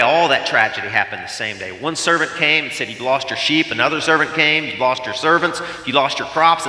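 A man preaching a sermon, telling the story with emphatic, animated delivery and acted-out quotes. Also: medium pitch. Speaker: pastor. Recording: echoey hall with long reverb.

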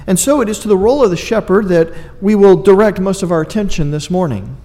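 A man's voice: high voice, expressive, fast, mellow, long reverb tail. A man preaching a sermon, earnest and emphatic, with dry asides to his congregation. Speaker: pastor.

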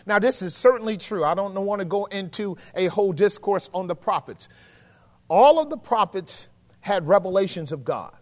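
A man preaching a sermon as pastor, swinging from hushed asides to shouts and calling on the congregation. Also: high voice, lively intonation, normal speed. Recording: long hall reverb.

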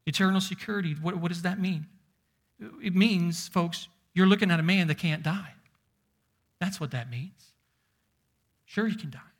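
A man preaching a sermon, emphatic, slowing down and dropping to a near whisper to stress points. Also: high voice, slightly rough.

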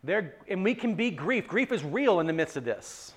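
A man with a fairly high voice preaches to his congregation. He is earnest and restarts his words often, rising to loud emphasis and then dropping to near-quiet pleading. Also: very animated, moderate pace. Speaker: pastor. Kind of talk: sermon.

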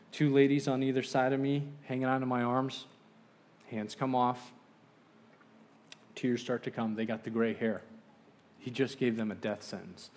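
A man giving a sermon as a missionary preacher, telling a story with acted-out voices and ending in a quiet prayer. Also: mid-range voice.

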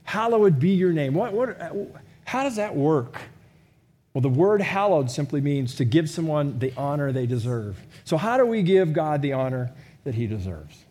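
A middle-aged male pastor with a notably high voice delivers his sermon like a chat with the congregation. He asks question after question and jokes at his own expense. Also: sing-song, moderate pace, dark tone. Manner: conversational, self-deprecating humor, rhetorical questions.

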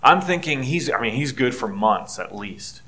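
Middle-aged male pastor, conversational sermon delivery, bright and forceful tone. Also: medium pitch, animated, normal speed. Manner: earnest, conversational preaching with rising emphasis.

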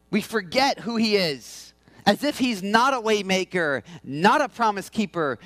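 A man with a fairly high voice gives a church sermon in an easygoing, conversational way. He sounds close to the mic, with a dry sound and almost no room echo. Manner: prays softly, then preaches in a conversational, animated way. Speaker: pastor.

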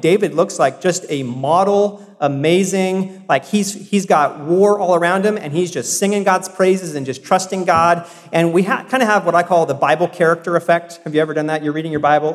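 A man from South Carolina preaching a sermon as a pastor, earnest and conversational, full of rhetorical questions and restarts. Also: fairly high pitch. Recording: long hall reverb.

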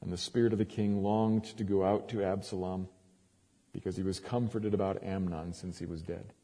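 Guy preaching scripture, low husky dark voice, big reverby hall. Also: level tone, moderate pace. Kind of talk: scripture reading and sermon.

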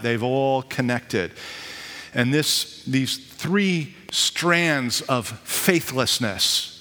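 A man, a pastor, preaching a sermon in a lively, conversational way with casual asides and jokes. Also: medium pitch. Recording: long reverb of a hall.

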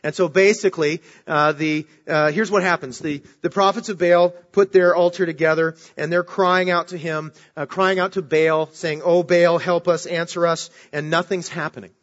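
Man preaching in a higher voice. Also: steady tone, normal speed, few pauses, fairly bright tone. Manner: conversational preaching with emphatic rises. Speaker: pastor. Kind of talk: sermon. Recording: dull lo-fi recording.

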